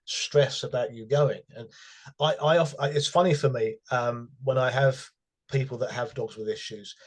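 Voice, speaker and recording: A man's voice: mid-range voice, steady tone, normal speed. Amused man telling client anecdotes. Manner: storytelling, amused, laughs at his own anecdotes. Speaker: dog behaviour professional. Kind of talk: casual conversational chat.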